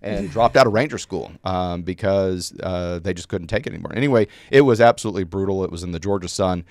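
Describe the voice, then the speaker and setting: A man in his forties, an Army veteran, telling a story casually on a podcast, halting with many fillers and repeated words. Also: low-pitched, darkish tone, no echo, studio quality.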